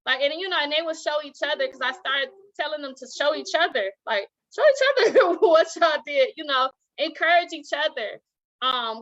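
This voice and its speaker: A woman, a teacher and author, talking as an interview guest, telling stories with lively acted-out quotes and frequent laughter. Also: sits high, highs cut off. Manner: animated storytelling, acts out quoted voices, laughs often. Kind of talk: casual interview talk.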